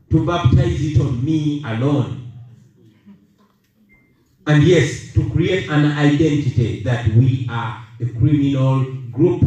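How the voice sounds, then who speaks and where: A Ugandan man in his thirties giving a rallying speech to an audience, emphatic and deliberate, leaning on repeated key phrases. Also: on the high side, warm tone. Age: 30s. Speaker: political speaker. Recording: echoey room, voice heard from a distance.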